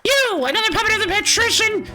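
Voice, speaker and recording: A woman puts on a raised, piercing voice for a paranoid conspiracy ranter in a game, hurling accusations with grand, theatrical bombast. The tone is bright and sharp, the delivery drawn out and declaiming, and faint music plays underneath. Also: very high-pitched, lively intonation, fast talker, voice pushed up, full character voice, poor audio. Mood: ranting. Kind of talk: voicing game characters on stream.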